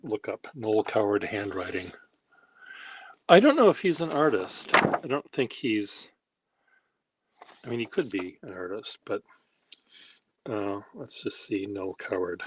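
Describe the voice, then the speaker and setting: A man's voice: fairly low pitch, very animated, measured pace, pauses often, background noise. A man hosting a handwriting workshop, rambling casually in a wry, self-deprecating way while he demonstrates. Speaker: pen workshop host.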